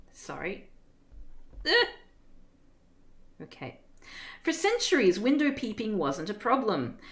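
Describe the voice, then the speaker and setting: A woman streamer reading a book aloud on a live stream, breaking off with giggling asides and stumbling over unfamiliar words. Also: on the low side.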